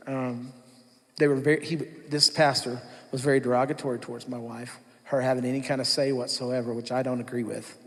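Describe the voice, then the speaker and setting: A man giving his testimony at church, telling his story candidly and acting out his past self. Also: medium pitch. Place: church hall. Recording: long hall reverb.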